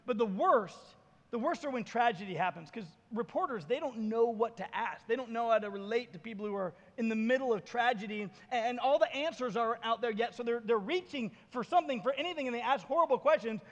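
A man's voice: very high voice, a little fast, fairly bright tone, muffled recording. A male pastor preaching a sermon, telling stories animatedly and acting out the voices of the people in them. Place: church sanctuary. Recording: reverberant church hall.

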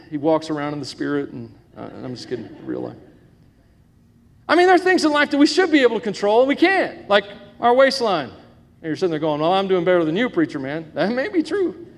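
A male pastor with a high, creaky voice jokes through his sermon and asks the congregation questions. He's in a church sanctuary full of people, and the hall carries a long echo.

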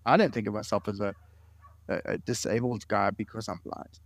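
A man's voice: on the low side, steady tone, a little fast, gravelly, no room sound. A man in his late forties, a guest in an interview, telling stories earnestly and often repeating words. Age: late 40s. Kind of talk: interview conversation.

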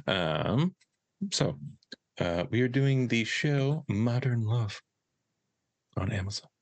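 A man co-hosting a casual podcast, asking questions in a halting way with many fillers. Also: medium pitch, lively intonation, no room sound. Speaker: podcast co-host.

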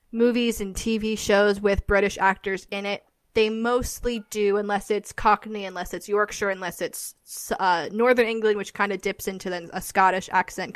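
A woman's voice: medium pitch, no room sound. A woman co-hosting a podcast, chatting in a rambling way and laughing often. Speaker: podcast co-host. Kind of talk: casual chat.

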